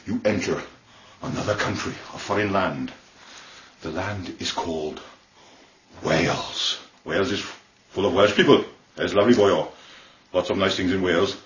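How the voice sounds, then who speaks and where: A man's voice: fairly low pitch, far from the mic. A man with a British accent giving a playful, mock-lecturing comic tour of accents, in a roomy, dull lo-fi recording. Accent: British English. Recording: roomy, dull lo-fi 2008 video.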